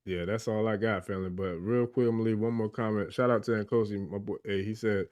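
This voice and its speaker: A man co-hosting a spiritual livestream whose voice sits on the low side. He talks in an emphatic, hyped-up way, pressing his points and leaning into his words. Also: fairly even intonation, quick pace, darkish tone, dull audio. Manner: emphatic and hyped, addresses people as family. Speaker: livestream co-host. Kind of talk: casual livestream chat.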